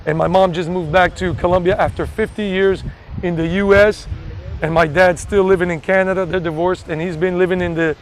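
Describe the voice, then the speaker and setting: A travel vlogger in his forties from the United States, with a mixed Southern and New York accent, chats and rambles on a live stream outdoors near a beach, promoting himself along the way. His high-pitched voice is brisk and fairly even, on poor audio with slight background noise.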